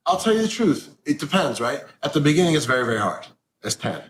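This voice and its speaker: A man's voice: fairly high pitch, sing-song, quick pace. A man giving a candid interview answer about recovery, blunt and salty with his language. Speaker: interview guest. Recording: roomy echo with faint background noise.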